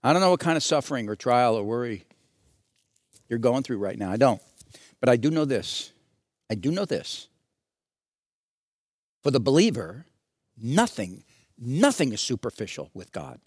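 A man preaching a sermon, telling a story dramatically and swinging from soft, low passages to loud, raised ones. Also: expressive, normal speed, long pauses, no echo, clean studio sound. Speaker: pastor.

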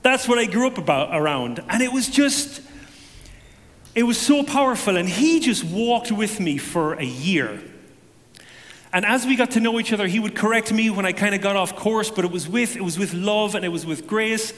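A man giving a personal testimony to a congregation, telling it as an animated story with self-deprecating humor. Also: sits high, moderate pace, big-room sound.

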